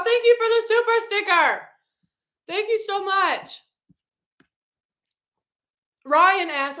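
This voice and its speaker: A woman's voice: fairly high pitch, reverberant. A woman hosting a casual livestream, chatty and bubbly as she reads and answers viewer comments. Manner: chatty and bubbly, with loud excited reactions. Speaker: livestream host.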